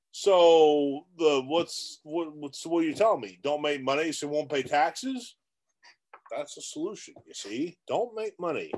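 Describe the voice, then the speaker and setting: A man delivering a motivational vlog monologue in a somewhat high voice that swings widely in pitch. He is blunt and repetitive, talks straight at the viewer, and keeps restarting sentences. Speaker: real estate coach.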